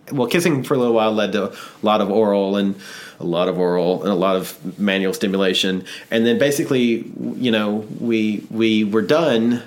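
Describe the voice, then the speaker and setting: A man's voice: fairly low pitch, moderate pace. A man co-hosting a podcast, telling a personal story in a rambling, self-deprecating way with casual swearing. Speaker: podcast co-host.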